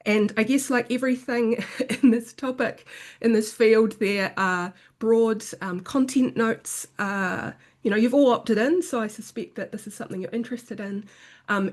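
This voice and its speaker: Lively New woman giving a talk. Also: mid-range voice. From New Zealand. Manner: lively, with many fillers. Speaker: guest lecturer. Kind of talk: academic talk. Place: home.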